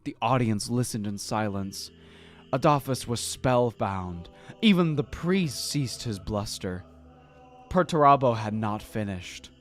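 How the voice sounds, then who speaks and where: A woman podcast host reading a novel aloud in a theatrical, expressive narrating style. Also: rumbling low, unhurried, faint music behind. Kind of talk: dramatic book reading with comic asides.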